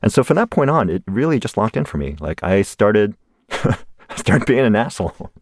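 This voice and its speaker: A man's voice: fairly low pitch, sing-song, moderate pace, no room sound, studio quality. A man in his forties from the United States, a guest in an interview telling a personal story animatedly and laughing along the way.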